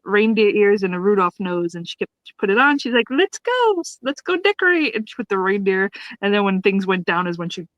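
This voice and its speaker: A woman's voice: medium pitch, fairly even intonation, fast, few pauses, no room sound, highs cut off. A woman co-hosting a podcast, retelling a sitcom episode in casual chat, acting out the characters' lines and laughing often. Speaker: podcast co-host reviewing a sitcom.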